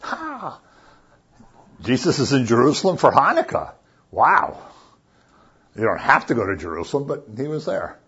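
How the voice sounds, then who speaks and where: A man's voice: mid-range voice, sing-song, normal speed, a bit bright, breathy edge, lo-fi sound. A man giving a casual, conversational sermon and often checking in with his listeners. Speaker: preacher.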